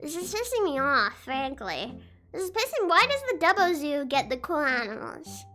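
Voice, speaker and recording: Woman, bright voice, excitable, giggly, casual stream chat. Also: high-pitched, normal speed. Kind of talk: casual chat, reacting to videos. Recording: faint music behind.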